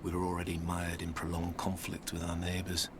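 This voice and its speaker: A weary, melancholy old mercenary, as an actor plays him, his voice sitting very low and hushed. He speaks slowly and solemnly, like a game character. A clear hiss runs under the game audio. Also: monotone, natural voice.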